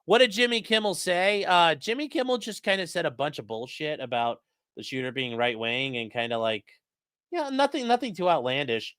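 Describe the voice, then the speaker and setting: A man's voice: on the high side, lively intonation, normal speed, fairly bright tone, smooth, no echo. A man commentating on news in a casual live stream, crude and mocking, reading chat messages aloud.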